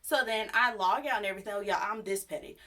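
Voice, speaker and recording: A young woman telling a personal story to her viewers in a chatty, animated, sassy way. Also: mid-range voice, fast, slight background noise. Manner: chatty, animated, sassy retelling with acted quotes. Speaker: YouTube storyteller. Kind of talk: casual storytime vlog.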